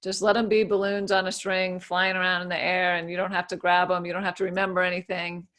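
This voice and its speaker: A woman's voice: lowish voice, little pitch movement, fast talker, a bit bright. A woman giving a casual, easygoing explanation as a guest speaker, with many fillers and restarts.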